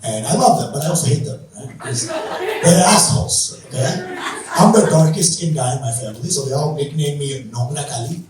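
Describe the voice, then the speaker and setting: A young man from Bangladesh doing a punchy standup set, shouting his punchlines and mimicking his mom. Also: on the high side, very animated, normal speed, noisy background. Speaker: standup comedian. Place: comedy club stage before a laughing crowd. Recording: echoey club, distant, loud crowd laughter.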